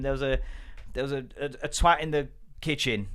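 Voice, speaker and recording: A man's voice: mid-range voice, fairly quick. A man, telling stories in a sweary solo comedy podcast rant and acting out the people he quotes. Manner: sweary, animated storytelling with acted quotes. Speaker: podcast host.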